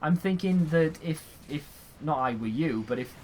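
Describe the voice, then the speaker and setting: A man's voice: a little high, lively intonation, normal speed, a little mellow. A young man chatting casually while he plays a game and answers viewer questions, rambling and sarcastic, often yawning. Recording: faint background noise.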